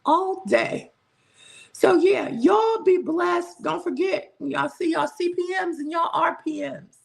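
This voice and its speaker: A woman's voice: very high voice, slow, vocal fry. A woman hosts a casual livestream, chatting with viewers, laughing often and drawing out her thank-yous. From southern United States. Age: 60s. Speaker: livestream host. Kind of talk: casual live chat greeting viewers.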